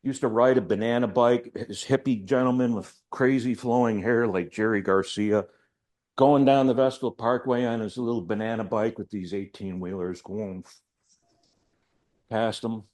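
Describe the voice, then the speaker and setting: A man's voice: on the low side, steady tone, moderate pace, darkish tone. An older man, an artist, giving an informal, rambling talk to a gallery audience about his work, with chatty, self-deprecating asides. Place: art gallery.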